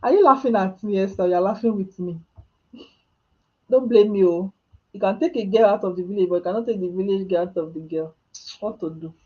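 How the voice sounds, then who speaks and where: A Nigerian woman with a Nigerian accent chats casually at home on a live stream, answering viewers' questions, joking about herself, laughing often, and dropping Nigerian Pidgin asides. Her mid-range voice moves fairly quickly, and the recording is muffled.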